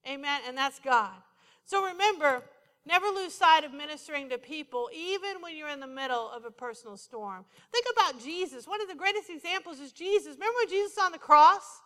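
A woman's voice: high-pitched, expressive, brisk, sharp tone, in a large hall. A middle-aged woman pastor preaching a conversational sermon, repeating phrases for emphasis.

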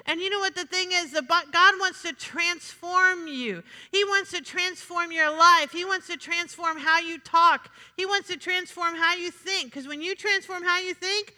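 A woman pastor delivers a sermon with a very high, bright, ringing voice. She preaches in a lively, chatty way and keeps turning aside to talk with her congregation. The sound carries a long reverb from the church sanctuary.

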